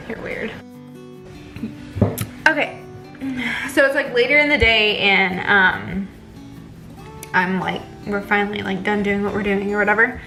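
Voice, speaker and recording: A woman's voice: mid-range voice, measured pace, gravelly, pauses often, sharp tone, faint music behind, poor audio. A young pregnant woman, chatting casually in a vlog and retelling a bad appointment with lots of fillers. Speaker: vlogger.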